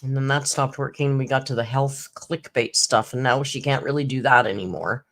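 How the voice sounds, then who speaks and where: Hosting a casual live-stream chat for YouTube commentary, a woman uses a bass voice with a fairly bright tone at normal speed. Her storytelling is chatty, punctuated by laughs and acted-out lines from other people.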